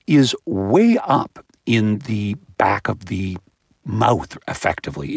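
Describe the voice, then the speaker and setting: A man with a low, gravelly, slightly husky voice, talking as a guest in an interview. He explains things in an animated way and breaks into playful baby-sound imitations. The sound is dry and close. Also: no echo. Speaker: guest author.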